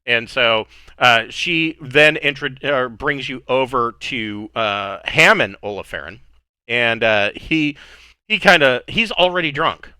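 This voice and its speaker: A man narrating a tabletop game as game master, in a relaxed, rambling way with many fillers. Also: mid-range voice, normal speed, clear, resonant tone, dry recording.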